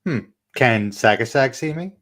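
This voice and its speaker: A man's voice: medium pitch, expressive, measured pace, fairly bright tone. A man joining a live podcast over a video call, giving short laid-back replies. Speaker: podcast co-host. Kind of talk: casual video call chat.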